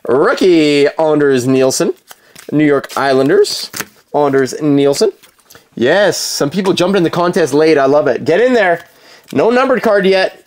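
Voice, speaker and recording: Speaking a little high and in an animated yet unhurried way, this man runs a live card-break stream. He keeps up easygoing, filler-laden banter with his audience while announcing the cards he pulls from packs.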